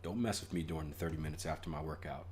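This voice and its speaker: A man's voice: a bass voice, steady tone, very fast, a little mellow, a little hiss or hum. A young man hosting a live trading stream in casual chat, joking, laughing at his own jokes and reading viewer comments aloud. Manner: frequent restarts and filler ums. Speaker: trading livestream host.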